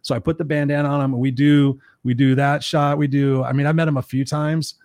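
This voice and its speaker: Fast-talking man telling a story. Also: mid-range voice, no echo, clean studio sound. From Southern California. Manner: animated, acts out quoted voices. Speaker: host. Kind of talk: casual storytelling chat.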